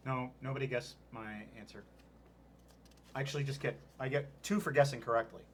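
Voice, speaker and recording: A man's voice: medium pitch, steady tone, brisk, slight background noise. A man playing a party game in casual chat, sometimes hesitating and correcting himself.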